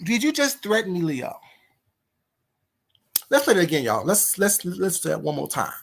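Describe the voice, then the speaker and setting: A woman's voice: on the low side, big pitch swings, moderate pace, vocal fry, a little hiss or hum. A woman hosting a live stream, indignantly firing rhetorical questions at her viewers and a caller. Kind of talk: heated live-stream rant.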